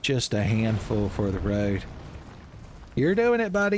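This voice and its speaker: A young man riffs through his gameplay commentary, joking and swearing as he goes. His voice is of middling pitch, with faint game sounds in the background. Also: moderate pace, a little hiss or hum. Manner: joking, swearing, animated asides. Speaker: gaming channel host. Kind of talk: let's-play commentary.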